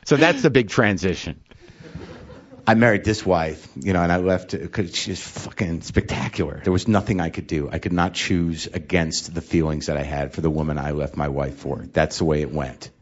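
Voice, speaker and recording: A man's voice: low voice, normal speed, dull audio. A middle-aged man, a comedian guest in an interview, telling candid, self-deprecating stories about himself with plenty of swearing. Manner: confessional, self-deprecating, profane.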